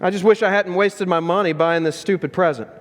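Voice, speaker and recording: A man's voice: high-pitched, fairly even intonation, brisk, lightly acted. A man voicing a hurt teenage boy who hides his pain behind defiant bravado. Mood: bitter bravado. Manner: defiant, mocking, rising and pleading. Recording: long reverb of a large church hall.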